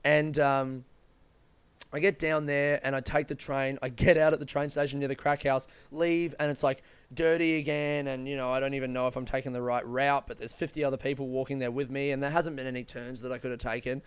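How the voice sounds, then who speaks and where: A man's voice: medium pitch, little pitch movement, brisk, clean tone, dry recording. A man telling a long, rambling travel story in a casual, sweary way, full of fillers and restarts. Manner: loose, sweary, rambling with many fillers and self-corrections.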